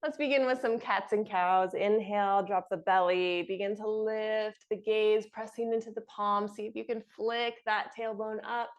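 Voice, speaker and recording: A young woman leads a yoga class in a calm, encouraging voice. She talks you through each pose and laughs softly now and then. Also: mid-range voice, moderate pace, few pauses. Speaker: yoga instructor. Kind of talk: guided yoga class instruction.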